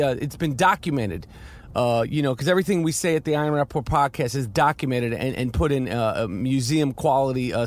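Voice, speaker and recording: A middle-aged man talking casually about a film while walking on a city street, rambling and profane, with many restarts and fiery outbursts. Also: medium pitch. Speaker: podcast host and actor reviewing a film.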